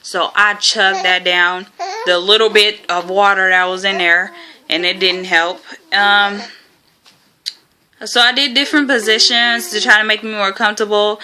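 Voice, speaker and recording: A woman's voice: medium pitch, steady tone, unhurried, sharp tone. A young woman vlogger telling a rambling story in a casual, chatty way, with lots of fillers and frequent laughter.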